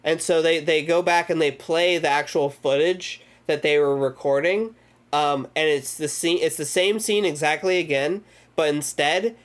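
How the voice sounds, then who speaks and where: A man hosting a movie discussion, casually recapping scenes in a rambling way full of filler words. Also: on the high side. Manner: energetic retelling of scenes. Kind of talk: casual film recap chat.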